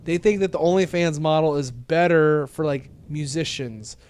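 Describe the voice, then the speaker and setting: A man's voice: fairly high pitch, moderate pace, a little mellow, smooth. A man hosting a casual podcast chat, rambling and correcting himself as he goes. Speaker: podcast host.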